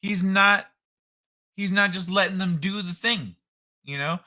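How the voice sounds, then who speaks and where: A man's voice: high voice, unhurried, pushed and bright. A man hosting a live stream, chatting loosely and profanely in a rambling, joking way. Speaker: streamer host. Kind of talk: casual live-stream chat.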